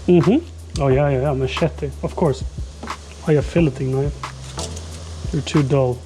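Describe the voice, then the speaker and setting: A man's voice: medium pitch, fairly even intonation, a little slow. Man streaming from his kitchen, joking chatter to viewers, music playing behind. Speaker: livestreamer. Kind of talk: casual live-stream chat while cooking. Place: home kitchen, cooking.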